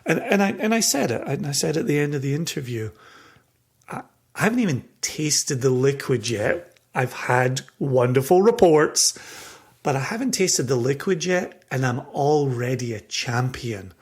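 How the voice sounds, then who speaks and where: A man's voice: medium pitch, animated, measured pace, breathy edge. A Scottish man co-hosting a podcast in casual chat, reflective and heartfelt, chuckling between thoughts. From Scotland. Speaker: podcast co-host.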